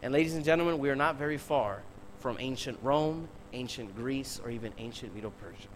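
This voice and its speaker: A man's voice: medium pitch, brisk, slight background noise, rough recording. A man preaching a sermon who speaks emphatically, peppers his talk with rhetorical questions and addresses the congregation directly.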